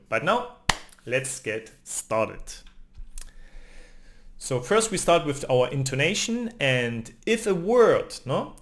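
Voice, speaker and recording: A man walks through a beginner language lesson step by step. His voice sits a little high and swings widely in pitch, and he keeps checking in with a questioning "no?". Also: a bit bright. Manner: explains patiently, often ends lines with a questioning "no?". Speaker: language teacher.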